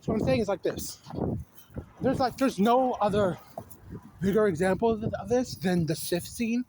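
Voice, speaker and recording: Guy with a high voice ranting about a movie into his phone, lots of likes and restarts, faint hiss behind. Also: normal speed, darkish tone, poor audio. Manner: rambling, exasperated, lots of fillers and restarts. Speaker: video essayist. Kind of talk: casual film rant. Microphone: phone camera.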